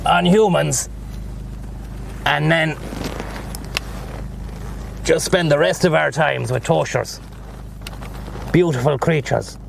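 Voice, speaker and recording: Irish male streamer, raspy fry-heavy voice pitched a bit high, loose and sweary, talks from the driver's seat. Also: slow, pauses often, slight background noise. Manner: rambling, profane banter. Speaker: livestreamer. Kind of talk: casual chat while driving. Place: in a car.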